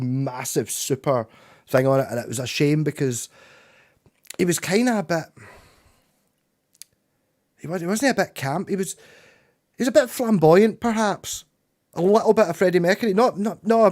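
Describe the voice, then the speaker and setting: A man's voice: a little high, a little mellow. A man with a Scottish accent chatting casually with viewers on his livestream, rambling, swearing and chuckling. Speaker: livestreaming musician.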